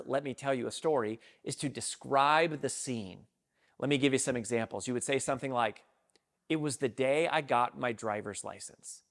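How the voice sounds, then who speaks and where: A middle-aged man, a speaking coach, giving an energetic, emphatic talk to camera on how to open a speech. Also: mid-range voice. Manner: energetic, emphatic, acts out sample openings.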